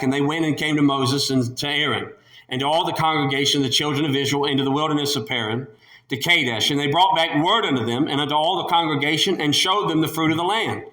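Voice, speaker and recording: Bright-voiced, high-pitched male preacher. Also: roomy sound. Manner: emphatic, animated preaching with repeated phrases. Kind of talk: sermon.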